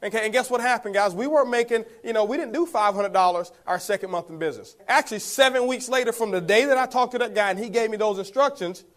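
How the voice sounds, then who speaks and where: A man's voice: high-pitched, quick pace, hardly any pauses. A man giving a motivational talk, telling his story to the audience, calling them guys and chuckling as he goes. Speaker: network marketing speaker.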